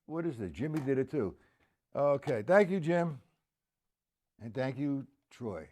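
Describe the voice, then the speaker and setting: Man, drum teacher, casual joking, counts beats out loud, live stream. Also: medium pitch, animated, measured pace. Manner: counts beats aloud, talks to viewers by name. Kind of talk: live-streamed lesson with chat.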